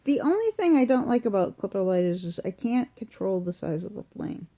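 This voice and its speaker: A vlogger with a Massachusetts accent rambles casually through an unboxing video at home while sick and weak, full of fillers and restarts. Her mid-range voice is mellow, very animated, and a little fast. The phone or webcam sits close in front of her.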